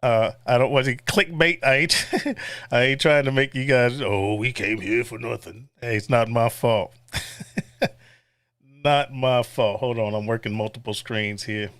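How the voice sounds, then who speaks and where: A man's voice: medium pitch, measured pace, fairly bright tone, clear, resonant tone, no echo. A man hosting a casual livestream, blunt and profane, chuckling often and reading viewer chat aloud. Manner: chuckles often between remarks. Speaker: livestream host.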